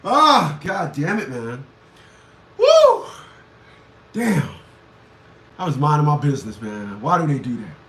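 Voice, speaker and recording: A man hosting a livestream, ranting crudely with loud laughs and shouted outbursts. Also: on the high side, animated, normal speed. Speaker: livestream show host. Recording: echoey room, far from the mic.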